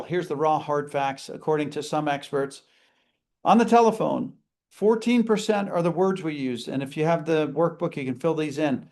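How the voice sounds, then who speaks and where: Leading a live customer service seminar, a high-voiced man speaks with energy and a darkish tone. Now and then he acts out short greetings to demonstrate how a phone call ought to sound.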